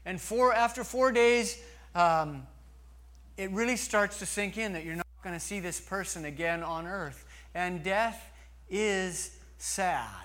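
Slow, bright-voiced male preacher. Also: high voice. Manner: slow, earnest preaching with long pauses. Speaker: pastor. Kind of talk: sermon.

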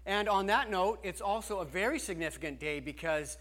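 A man's voice: sits high, animated, brisk, fairly bright tone. A man preaching a sermon as pastor, talking earnestly and conversationally, often restarting his sentences.

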